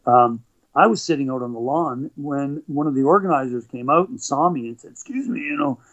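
A man's voice: mid-range voice, brisk. A middle-aged Canadian man telling rambling stories as an interview guest, with frequent restarts. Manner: rambling, animated anecdotes with frequent restarts and laughs. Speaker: guest, motivational speaker and former athlete. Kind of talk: conversational storytelling. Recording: dull lo-fi recording.

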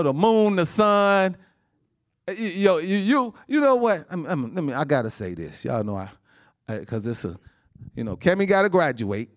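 A male pastor delivering a sermon in an animated, call-and-response way, checking in with his congregation again and again. His voice sits in an ordinary middle register, jumping high and loud with excitement and laughing through his lines before falling to a soft, hushed prayer.

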